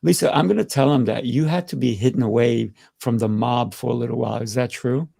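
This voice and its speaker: A man hosts a video call panel with effusive praise, stumbling over repeated words. His voice is strongly gravelly. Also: medium pitch, brisk, mellow. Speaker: host. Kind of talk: panel show hosting.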